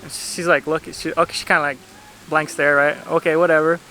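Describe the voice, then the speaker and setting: A man's voice: fairly high pitch, level tone, fairly quick, pushed and bright. A man vlogging outdoors at a beach, telling a travel story in a chatty, rambling way with lots of "like". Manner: chatty, rambling, heavy use of "like". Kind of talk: casual storytelling to camera.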